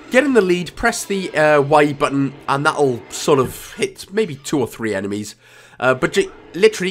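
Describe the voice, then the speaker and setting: A man's voice: fairly high pitch, fairly bright tone. A man with a Welsh accent talking through a video game walkthrough in a chatty, jokey way with self-mocking asides. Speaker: gaming guide creator.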